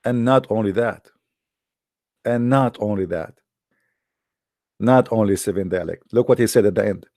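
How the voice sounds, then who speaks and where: A man's voice: lowish voice, normal speed, pauses often, a little mellow, no echo, clean studio sound. A man delivering a mocking, sarcastic monologue to viewers in broken, non-native English. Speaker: online commentator.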